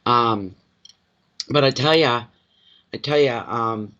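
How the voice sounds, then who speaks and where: Chatty, expressive man livestreaming. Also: mid-range voice, takes it slowly, highs cut off. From Atlantic Canada. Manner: expressive, chatty, laughs often, greets viewers by name. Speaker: intuitive card reader. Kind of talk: casual livestream chat.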